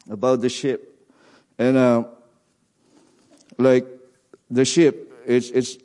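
A man's voice: medium pitch, dark tone, smooth. A man preaching a sermon in earnest, repeating his key phrases, with non-native grammar. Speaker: guest preacher.

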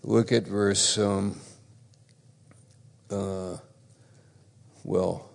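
A man delivers a sermon at a slow, deliberate pace, his voice carrying a gravelly edge. He hammers key phrases again and again, swinging between loud emphatic stresses and quiet asides. The sound rings with the long reverb of a church hall. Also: low voice, little pitch movement. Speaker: pastor.

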